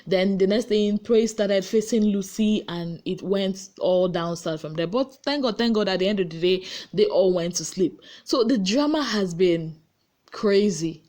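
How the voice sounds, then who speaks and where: A Nigerian woman recapping reality-show gossip late at night, tired but lively, acting out what people said. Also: measured pace. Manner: animated storyteller, acting out quotes with big pitch jumps. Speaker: gossip vlogger. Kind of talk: casual chatty recap. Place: her room at home.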